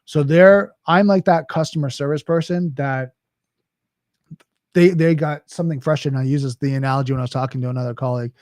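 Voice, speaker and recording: A man's voice: on the high side, steady tone, a little fast, a little mellow, no room sound, clean studio sound. A man hosting a podcast, talking in a casual, conversational monologue with frequent restarts and "right?" asides. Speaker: podcast host.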